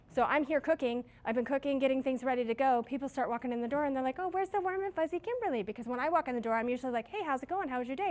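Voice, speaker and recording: Chatty woman leading a staff training talk. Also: on the high side. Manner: casual, chatty, self-deprecating with stories. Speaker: restaurant manager.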